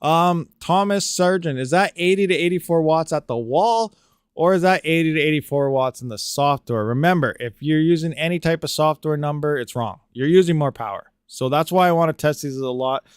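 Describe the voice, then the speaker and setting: A male streamer answering viewer questions in a loose, rambling way, often filling with "you know". His voice sits a little high and sounds smooth and clean. The sound is close and dry, with no room echo. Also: brisk. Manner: rambling, reads chat questions aloud, frequent "you know". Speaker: crypto mining streamer answering live chat. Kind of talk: casual live-stream Q&A.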